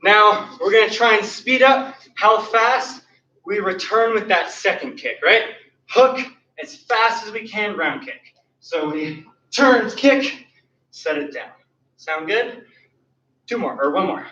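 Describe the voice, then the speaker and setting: A man's voice: sits high, animated, takes it slowly, pushed and bright. A man teaching an online martial arts class, cueing and counting kicks as he demonstrates them, out of breath. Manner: counts and cues moves while demonstrating kicks. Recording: roomy, distant, dull sound.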